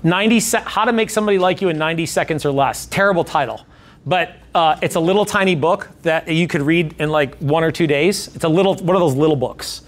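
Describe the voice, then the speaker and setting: A man's voice: on the high side, quick pace. Emphatic man coaching a sales class. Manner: energetic, emphatic, repeats phrases. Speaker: real estate sales coach. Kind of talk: teaching a sales workshop. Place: training room with a group.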